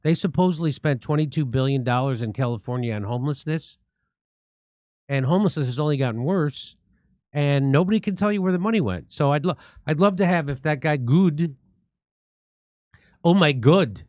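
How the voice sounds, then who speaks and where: A man's voice: a little high, fairly quick, darkish tone, no room sound. A man hosting a livestreamed political talk show, speaking in a sarcastic, indignant and profane way. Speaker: show host.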